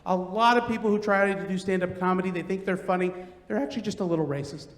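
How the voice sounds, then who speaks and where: Man, stand-up comedian, high voice, loud animated storytelling, long theater reverb. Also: fast talker. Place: large theater stage.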